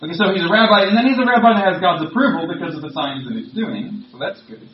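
A man's voice: high voice, animated, fast, slight background noise. A man preaching a sermon as pastor, speaking in a conversational, emphatic way. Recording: roomy, distant, dull sound.

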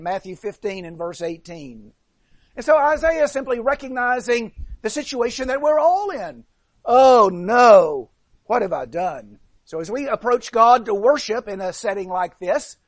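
Earnest high-voiced male preacher. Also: no echo. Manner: earnest, repeats words when restarting. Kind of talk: sermon.

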